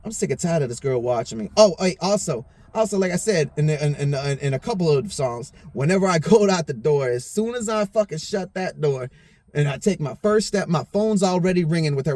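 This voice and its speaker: A podcast host tells a meandering personal story in a casual monologue while a little tipsy, swearing a lot and constantly saying "you know what I'm saying." He speaks a little high and a little fast, with an expressive, dark-toned voice on a dry recording.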